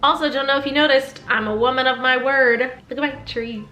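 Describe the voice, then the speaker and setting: A young woman with a bright, forceful voice and a bubbly, giggly way of talking. She chats casually at home while she does her skincare and reads scary stories aloud. The room is roomy and echoey, with faint music playing behind her. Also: high-pitched, fairly even intonation, a little fast. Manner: chatty, bubbly and giggly, with playful asides. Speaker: skincare and scary-story vlogger.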